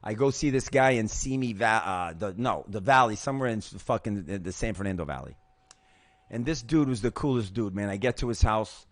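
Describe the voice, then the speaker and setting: A man's voice: fairly low pitch, fairly quick, no room sound. A middle-aged man hosting his own show, telling a personal recovery story in a casual, emotional and profane way, acting out the other voices. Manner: emotional, profane, animated retelling with acted-out voices. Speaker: host.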